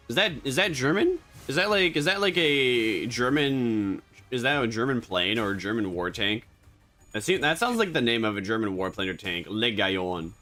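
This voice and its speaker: A man's voice: medium pitch, very animated, moderate pace, bright, forceful tone, soft background music. A man chatting casually on a game stream, joking and rambling. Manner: joking, rambling, self-correcting.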